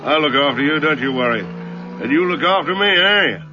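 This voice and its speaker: A man's voice: on the high side, expressive, normal speed, pushed and bright. An actor playing a jovial, pushy man in a radio drama, who keeps tacking "eh?" onto his lines. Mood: hearty, coaxing. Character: hearty middle-aged man, pushy and suggestive. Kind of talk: 1970s radio drama acting. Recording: dull lo-fi radio recording.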